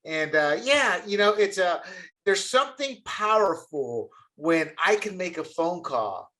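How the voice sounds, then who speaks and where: A man co-hosting a podcast, talking earnestly in a casual, halting way. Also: high voice, sing-song, pushed and bright. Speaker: podcast co-host. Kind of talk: casual chat.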